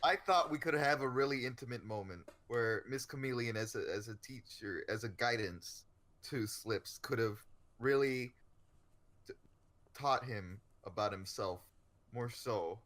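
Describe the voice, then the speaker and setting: A man's voice: medium pitch, unhurried, fairly bright tone. A man co-hosting a podcast in casual chat, musing earnestly in long run-on thoughts. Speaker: podcast co-host.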